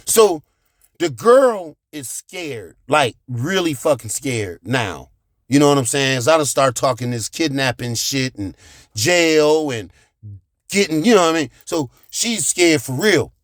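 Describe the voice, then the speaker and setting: A man telling a profane childhood story, animated, with sound effects and shouted reenactments. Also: a little high, a little slow, no room sound, clean studio sound. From United States.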